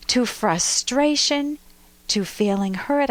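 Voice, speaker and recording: A woman psychologist and podcast host gives relationship advice and tells lively, detailed stories. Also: fairly high pitch, measured pace, no room sound. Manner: warm, lively storytelling with vivid detail. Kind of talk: relationship advice talk and storytelling.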